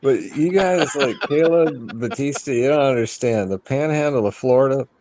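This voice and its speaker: A man's voice: medium pitch, normal speed, a little mellow, no echo. A male caller on a call-in show, talking bluntly and swearing freely. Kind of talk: casual call-in chat.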